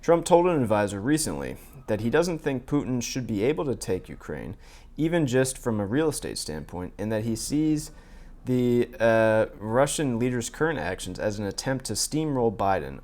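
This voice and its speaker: A man's voice: lowish voice, animated, normal speed, darkish tone. Sardonic man reading news aloud. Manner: sardonic, reads quotes in his own plain voice; frequent fillers and restarts, asides. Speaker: political commentary host. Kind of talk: casual commentary reading news articles aloud.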